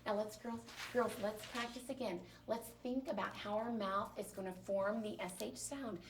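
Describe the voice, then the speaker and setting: A woman teacher leading a small group through a phonics lesson, patiently and encouragingly modeling each sound clearly. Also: medium pitch, fairly even intonation, normal speed. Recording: distant mic with faint noise.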